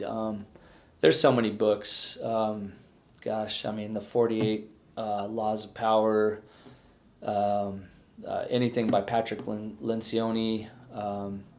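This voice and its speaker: Speaking on the low side with a darkish tone, a middle-aged fire chief on his way to retirement looks back during an exit interview. He is earnest but halting, with many restarts.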